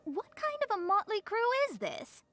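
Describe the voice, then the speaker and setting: A haughty, sharp-tongued young astrologist from a game. She teases everyone around her in a high voice. Her pitch sweeps up and down freely. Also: huge pitch swings, moderate pace, slight background noise, exaggerated voice. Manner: teasing, haughty. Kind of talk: game voice acting.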